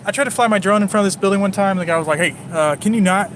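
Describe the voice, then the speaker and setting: Man, raised pitch, rambling live-stream driving vlogger, joking with chat, traffic noise clearly audible. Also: rapid-fire. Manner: rambling, jokey, talks to chat viewers nonstop. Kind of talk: casual live-stream chatter. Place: in a car driving through city streets.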